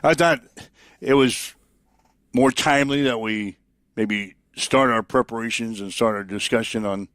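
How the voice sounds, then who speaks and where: A man hosting a sports talk show, introducing clips and reading community announcements in a steady, measured way. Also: mid-range voice, dry recording, studio quality. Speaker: sports radio host.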